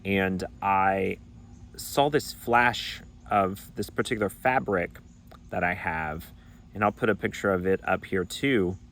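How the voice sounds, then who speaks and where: A man's voice: sits low, a little slow, a bit bright, a little hiss or hum. A man from Arkansas telling a personal spiritual story in an earnest, reflective way, sometimes acting out remembered dialogue. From Arkansas, United States. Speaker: pagan vlogger.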